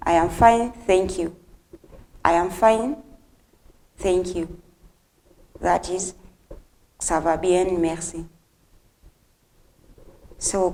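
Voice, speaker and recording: A woman hosting a televised language lesson, speaking directly to the viewers and repeating phrases slowly for learners. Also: on the low side, steady tone, dark tone. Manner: friendly, addresses viewers directly. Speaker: host and French teacher.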